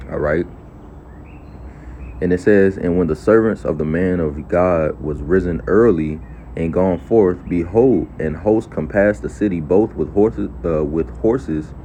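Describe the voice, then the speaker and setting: A man's voice: low voice, dark tone. A man giving a casual Bible teaching. He reads scripture aloud, then explains it in loose everyday speech full of "all right" and "okay.". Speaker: preacher. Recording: dull lo-fi audio with faint traffic noise.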